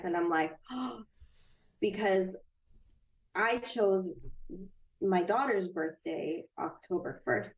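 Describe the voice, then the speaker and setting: Animated woman telling her story. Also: on the low side, gravelly, highs cut off. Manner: animated, acts out quoted voices, laughs often. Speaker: podcast guest. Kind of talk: casual storytelling interview.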